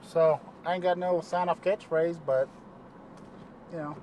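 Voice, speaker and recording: A man's voice: on the high side, fairly even intonation, unhurried, a little mellow, slight background noise. A man, a paramedic, talking loosely to camera from his car, trailing off often with fillers. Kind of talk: casual vlog monologue. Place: inside a car while driving.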